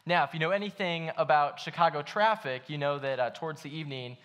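A young man gives a sermon at church in a laid-back, storytelling way, full of "uh"s and "like"s. His voice sits a little on the higher side. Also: fast talker, fairly bright tone, clear, resonant tone. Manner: casual storytelling with many fillers. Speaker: pastor.

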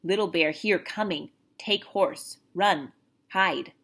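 A woman's voice: fairly low pitch, slow, fairly bright tone, heavily acted. A woman voicing a proud, terse warrior man. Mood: urgent. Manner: clipped broken phrases, solemn.

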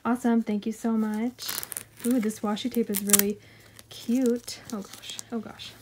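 Excitable woman with a mellow voice. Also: on the high side, slight background noise. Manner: gushing, excitable, chatty with frequent giggles. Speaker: vlogger unboxing a haul. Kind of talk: casual unboxing chat.

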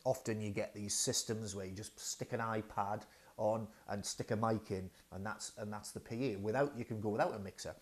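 In a dining room, a man casually tries out new audio gear at home, thinking aloud with plenty of fillers and hesitations. His lowish voice is steady and brisk, and it's picked up by the wireless radio mic he's testing.

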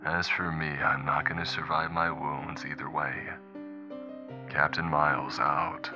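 A man voicing a wounded male pilot recording tense, hushed last messages while a creature hunts him. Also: little pitch movement, a little slow, over music. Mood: grim. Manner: low, tense, hushed reports. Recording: muffled lo-fi recorder playback.

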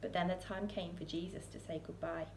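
A woman reading a children's picture book aloud in a church, expressive, with soaring questions and hushed lines. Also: on the low side, fairly quick, vocal fry, roomy sound, slight background noise. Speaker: storyteller.

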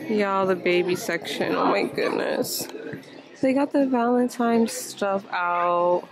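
A woman's voice: medium pitch, slow pace, a crowd in the background. A woman casually vlogging to her viewers while shopping in a large store, chatting and exclaiming often as she holds the camera. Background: background music.

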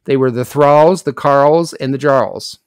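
A man's voice: mid-range voice, a little slow, smooth, no echo. A man hosting a casual sports podcast, joking around and hamming up bits. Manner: jokey, playful, hammy bits. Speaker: podcast host.

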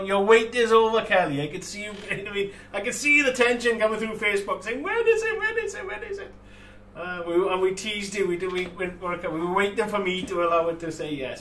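This high-pitched, sharp-toned male voice comes from well off the mic. He's running a casual model-making livestream, laughing often and peppering his talk with fillers and false starts. Faint room noise and echo fill the space.

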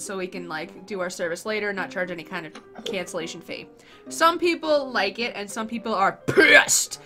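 A young woman hosting a game playthrough, chatting casually and telling an animated story in which she acts out the people she quotes. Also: mid-range voice. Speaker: let's play host. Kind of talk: casual chat while playing a game.

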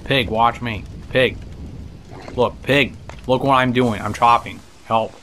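A man's voice: medium pitch, slow pace, fairly bright tone, slight background noise. A man giving casual let's-play commentary, chatting to the characters on screen, laughing and swearing as he plays. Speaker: gameplay commentator.

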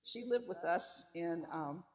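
A woman's voice: lowish voice, expressive, unhurried, long reverb tail. A woman giving a live cooking demonstration to a class, talking in a chatty, homey way with asides and little laughs. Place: indoor class room.

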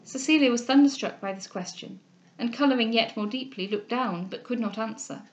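High-voiced woman reading a novel aloud. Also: fairly quick, lo-fi sound. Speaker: reader of novels. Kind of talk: audiobook narration.

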